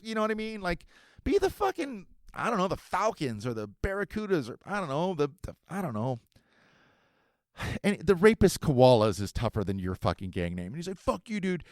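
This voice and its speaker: A man in his forties from Southern California tells a story at a rapid clip, swearing freely. His pitch jumps around as he talks. The recording is dry and close. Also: no room sound. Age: 40s. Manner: animated, profane, quick-talking. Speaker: podcast host. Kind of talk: casual storytelling.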